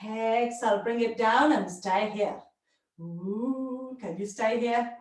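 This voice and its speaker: A yoga teacher with a high, darkish voice runs a live, workout-style class, calling out breaths and poses in brief, encouraging commands. She moves along with her students at an unhurried pace. The mic is distant, across a very echoey room.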